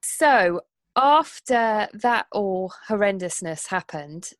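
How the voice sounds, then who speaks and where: A woman in her thirties hosting a podcast, asking gentle, empathetic questions and sharing about her own kids. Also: medium pitch, expressive, takes it slowly, dry recording. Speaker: podcast host. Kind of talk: casual podcast interview.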